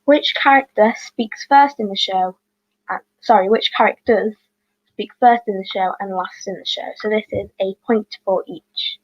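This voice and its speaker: A woman reading out quiz questions as host, with chatty, apologetic asides and quick self-corrections. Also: medium pitch, no echo, lo-fi sound.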